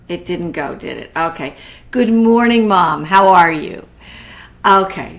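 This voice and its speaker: Her voice is lowish as she leads a live-streamed art class in a casual, talkative way. This middle-aged host warmly welcomes viewers by name and frequently starts her sentences over.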